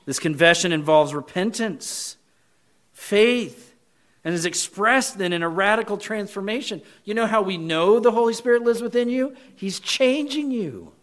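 A man preaching a sermon as pastor, swinging between loud, emphatic points and quiet, earnest appeals to his listeners. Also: high voice, moderate pace.

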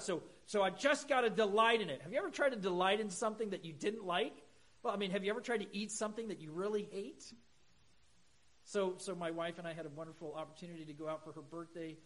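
A middle-aged male pastor delivers a sermon conversationally, mixing humorous asides with emphatic high points. The recording is rough.

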